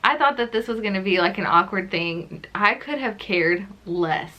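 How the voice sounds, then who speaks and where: A woman's voice: medium pitch, lively intonation, moderate pace, bright, forceful tone. A young woman telling a personal story to her camera in a chatty, casual way, with many "like"s. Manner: chatty, says "like" often. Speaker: vlogger.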